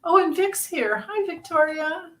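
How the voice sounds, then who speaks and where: A woman's voice: very high voice, lively intonation, measured pace, a crowd in the background. A middle-aged woman hosting a casual tarot livestream, chatting and greeting viewers by name with frequent laughter.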